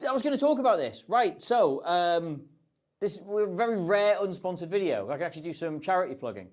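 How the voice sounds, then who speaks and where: A man's voice: high voice, very animated, brisk, darkish tone. A man hosting a casual livestream, answering viewer questions in a chatty, rambling, self-deprecating way. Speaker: host.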